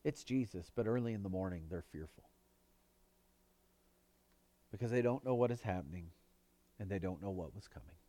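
A male pastor preaching a sermon in an earnest manner, pushing his voice up for emphasis and dropping it low on quoted words. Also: expressive, normal speed, pauses often, mellow, dry recording.

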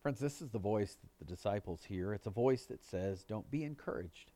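A male pastor preaches earnestly at a moderate pace, his tone dark. He pushes his voice up for emphasis and drops it low on quoted words.

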